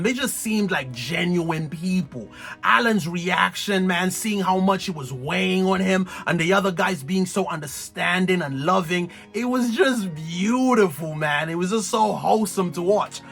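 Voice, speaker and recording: A man giving an excited, slangy recap of a TV show, laughing and exclaiming often. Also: high voice, moderate pace, gravelly, soft background music. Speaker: TV recap vlogger.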